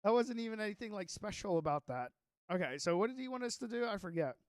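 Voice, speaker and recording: Man, gaming streamer, high voice, excitable, rambling, dry close sound. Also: fast talker, dry recording. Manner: excitable, rambling, self-interrupting. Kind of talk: casual livestream chat while playing.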